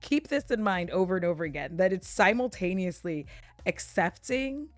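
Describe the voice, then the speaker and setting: A woman's voice: fairly low pitch, animated, moderate pace, no echo. A young woman streamer recapping a show in a giggly, chatty way, laughing often. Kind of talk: casual recap chat.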